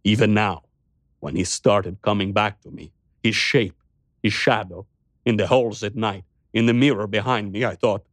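A man's voice: fairly low pitch, fairly even intonation, moderate pace, no echo, clean studio sound, lightly acted. A man reading as a stern, rattled rich madman. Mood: awed. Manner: stern, scolding. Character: rich powerful madman, fearful, male.

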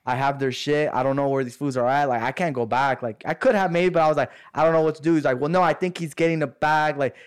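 A man's voice: on the high side, fairly even intonation, fast talker, few pauses, clean tone. A man casually telling friends a long story, rambling and slangy, acting out what others said. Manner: rambling, slangy, acts out quoted voices. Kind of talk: casual chat.

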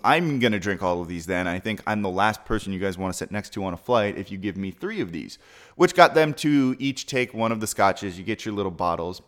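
A young man telling a long, rambling story in casual chat, with lively jumps in his voice. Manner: rambling, animated storytelling with big pitch jumps. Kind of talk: casual anecdote.

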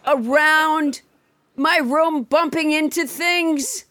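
A woman hosting a comedic podcast, wry with quick asides. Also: high-pitched, bright, forceful tone, dry recording, clean studio sound. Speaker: podcast host.

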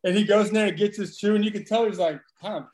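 A man in his thirties, a former ballplayer, telling profane, animated stories in casual chat. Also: high-pitched, quick pace. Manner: profane, animated storyteller with laughs. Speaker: former baseball player, podcast guest.

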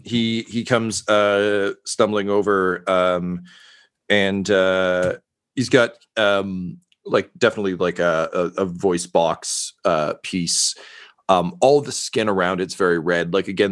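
Young man, game master, lowish voice, rambling narration. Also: smooth. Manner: full of fillers and restarts.

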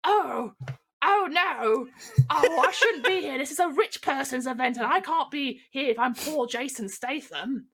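A woman's voice: sits high, sing-song, unhurried, bright, forceful tone, husky, voice pushed up, heavily acted. A woman voicing a male action movie star in a tabletop game, fussing and flustered about his money. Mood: panicked.

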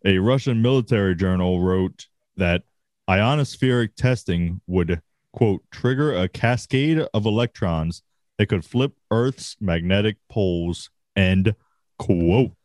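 On a podcast, a man chats casually, laughing a lot and swearing freely in a laid-back way. His voice sits low and unhurried with a darkish tone, recorded cleanly in a studio with no room sound.

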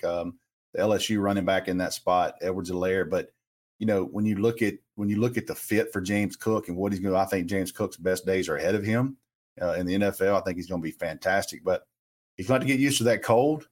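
Deep-voiced man analyzing sports. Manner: conversational, personal anecdotes, emphatic. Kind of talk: casual sports talk.

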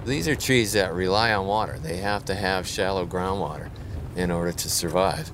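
Walking along a riverbed, a low-voiced man speaking at normal speed explains the local wildlife during a field walk. He's a conservationist, and his delivery is casual and enthusiastic with fillers, over audible background noise.

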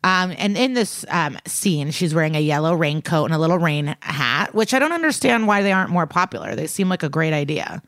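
A woman's voice: deep voice, animated, fairly quick, few pauses, a bit bright, no room sound, clean studio sound. A woman co-hosting a podcast, chatty and rambling, recapping a TV episode with playful asides. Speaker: podcast co-host. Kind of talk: casual chat recapping a TV episode.

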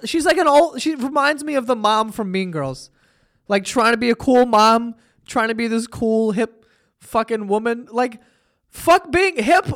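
A man's voice: very high voice, a bit bright. A man hosting a solo podcast, ranting casually with lots of swearing and sarcastic exasperation. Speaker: podcast host.

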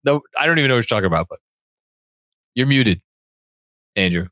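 A man's voice: mid-range voice, lively intonation, fairly quick, sharp tone, no room sound. Casual man hosting a fan podcast. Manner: rambling, repeats words while thinking. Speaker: podcast host. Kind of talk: casual podcast chat reading viewer comments.

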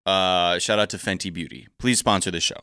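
Guy hosting a podcast, kinda low voice, jokey, super dry mic. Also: brisk, bright, forceful tone, clear, resonant tone, dry recording. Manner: joking, playful asides. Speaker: podcast host. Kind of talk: casual podcast chat.

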